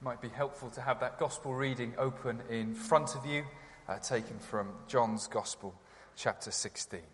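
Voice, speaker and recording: A man's voice: mid-range voice, steady tone, moderate pace, breathy edge. Reflective male preacher in a reverberant church. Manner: gentle and reflective, with some hesitant fillers. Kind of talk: sermon.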